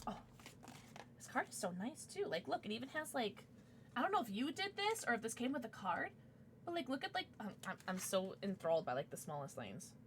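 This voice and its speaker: Casting: bright, bouncy young female streamer, squeals and murmurs, chatty at her desk mic. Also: a little high, very animated, slight background noise. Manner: bubbly, gushing, quick swings to squeals and mumbles. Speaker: livestreamer. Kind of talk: casual chat.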